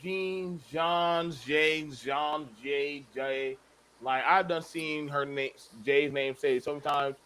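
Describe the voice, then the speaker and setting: A man hosting a casual panel chat, animated and swearing, with bursts of loud emphasis and speech. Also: medium pitch, takes it slowly, clean tone. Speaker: show host.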